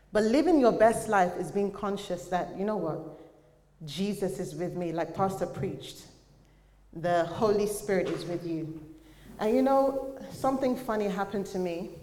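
A young adult woman preaching a sermon in earnest, conversational tones, sometimes pausing on fillers. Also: fairly low pitch, a little mellow. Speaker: church speaker. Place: church hall. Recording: echoey church hall.

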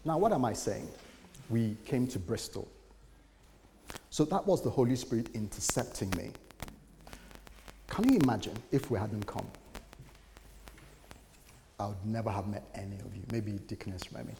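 A man preaching as a pastor, telling a personal story with lively acted quotes. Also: on the low side, normal speed, creaky, pauses often, slight background noise. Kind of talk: sermon. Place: church. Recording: church hall reverb, faint ambience.

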